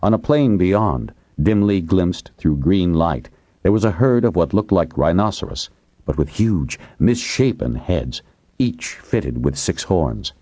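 A man narrating an audiobook in a measured, deliberate way, drawing out phrases. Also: sits low, expressive, dark tone, no room sound.

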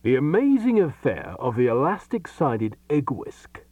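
A pompous, rambling great detective, as the narrator puts him on, holding forth slowly in a raised, lively voice that drops to a whisper now and then. Heard from a little distance in a dry room. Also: male voice, medium pitch, no echo, muffled recording, voice pushed up.

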